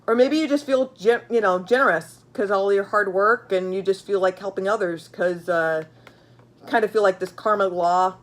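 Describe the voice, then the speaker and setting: A woman reads tarot cards to camera in a loose, chatty way. She is blunt and swears often, circles back on her words and fills gaps with "uh" and "you know". Her voice sits at an ordinary middle pitch. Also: normal speed. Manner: blunt, swears freely, many fillers; chatty, repeats herself while pulling cards. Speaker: tarot reader. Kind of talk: casual tarot reading.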